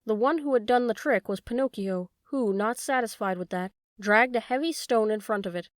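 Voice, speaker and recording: A woman reading a children's story aloud as an audiobook narrator in steady scripted narration. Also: on the high side, moderate pace, no room sound, clean studio sound.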